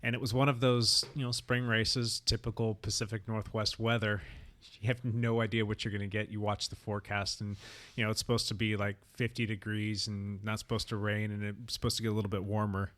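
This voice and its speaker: A man hosting a cycling podcast, telling a race story in a relaxed, chatty way. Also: fairly low pitch, brisk. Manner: animated, laughing storyteller. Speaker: podcast host. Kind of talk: casual storytelling chat.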